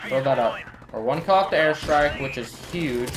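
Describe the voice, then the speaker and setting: A frustrated man rants and swears through his gameplay commentary. Clear gunfire and explosions from the game sit behind his voice. He talks like someone who is easily riled up. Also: medium pitch, animated, moderate pace, background noise. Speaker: gamer and channel host. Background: shooter game gunfire and explosions.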